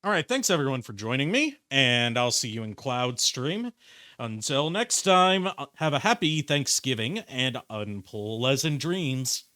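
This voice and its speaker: A man's voice: medium pitch, big pitch swings, a little slow, pushed and bright. An American man chatting casually while streaming a game, rambling with fillers and casual swearing. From United States. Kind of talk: casual gaming stream chat. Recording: game music behind.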